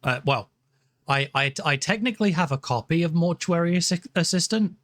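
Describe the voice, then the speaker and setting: A man's voice: on the high side, expressive, a little fast, a bit bright, no room sound. A man casually chatting with his viewers while live-streaming games, rambling and breaking off mid-sentence. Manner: chatty, rambling, self-interrupting.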